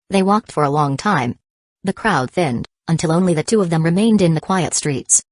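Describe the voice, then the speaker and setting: A woman narrating a novel in an audiobook. Her voice sits low and her reading stays even and steady. The sound is dry and close. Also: no echo. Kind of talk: scripted narration.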